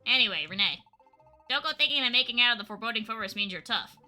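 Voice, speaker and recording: A woman voicing a smug schoolyard bully Pokémon in a lowered, taunting voice. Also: expressive, quick pace, sharp tone, soft background music.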